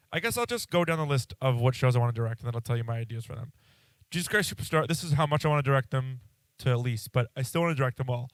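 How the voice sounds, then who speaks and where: A man's voice: mid-range voice, clear, resonant tone, no room sound, low-quality recording. A young man hosting a casual solo podcast, rambling and candid, swearing freely with lots of fillers. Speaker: podcast host. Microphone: audio interface microphone.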